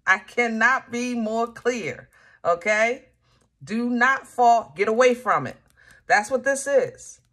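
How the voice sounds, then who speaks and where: A woman's voice: a little high, a bit bright. A woman reading tarot cards for her viewers in a casual, emphatic way, repeating her warnings and laughing often. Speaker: tarot reader.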